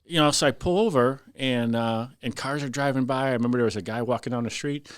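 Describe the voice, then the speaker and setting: A man's voice: mid-range voice, fast talker, clean tone, dry recording, studio quality. A middle-aged man, a veteran fire lieutenant, telling a story in casual podcast talk and acting out the voices of the people in it. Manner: animated, acts out voices in his story. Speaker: firefighter lieutenant guest.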